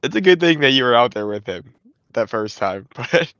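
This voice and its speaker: A man's voice: medium pitch, sing-song, moderate pace, a bit bright, smooth, dry recording, muffled recording. A man co-hosting a podcast, chatting casually and laughing often at the stories. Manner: laughs often, reacts to the story. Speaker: podcast co-host. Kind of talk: casual chat.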